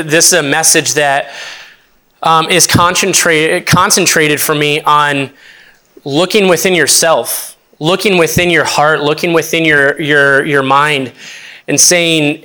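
A young man delivers a church sermon in a bright, clear voice that sits a little high. He is earnest and unpolished, often stopping and restarting his sentences as he works his thoughts out aloud. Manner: earnest, halting with many restarts and fillers. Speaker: associate pastor.

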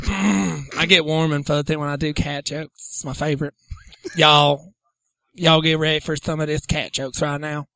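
A man puts on a boastful woman who calls herself the biggest comedian in her state. She drawls and leans on y'all, bragging loudly in a slightly raised voice. The sound is close and dry. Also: fairly high pitch, little pitch movement, measured pace, no room sound. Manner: boastful, loud, says y'all. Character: brash self-proclaimed stand-up comedian woman Kathleen from Kentucky. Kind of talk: improvised comedy podcast bit.

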